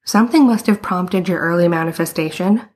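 A woman's voice: on the low side, fairly quick, a little mellow, breathy edge. A woman voicing a blunt, reasonable young man in a story, speaking in a matter-of-fact, probing way. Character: blunt, reasonable older brother Edward.

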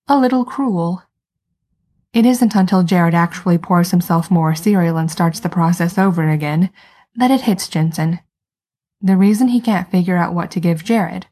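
Woman narrator, wry story reading, low husky voice. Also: dark tone. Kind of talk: fan fiction read aloud.

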